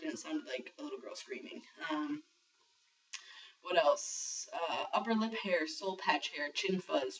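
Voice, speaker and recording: A young trans man talking casually in a video diary, rambling with lots of ums and the odd swear word. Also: a little high. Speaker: vlogger sharing a transition diary. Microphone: built-in camera mic. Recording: muffled lo-fi camera audio from a distance.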